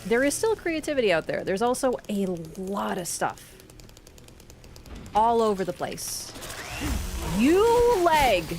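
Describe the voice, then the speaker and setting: A woman live-streams a game, talking straight to her chat in a chatty, opinionated way and letting out sudden loud yelps at what happens on screen. Her mid-range voice is sing-song and a little slow, with game music and background noise behind her.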